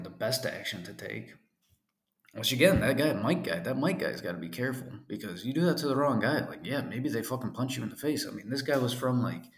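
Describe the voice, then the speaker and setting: A man's voice: mid-range voice, creaky, reverberant. A man in his twenties telling a story in a casual, profane rant, full of fillers. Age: 20s. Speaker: podcast host.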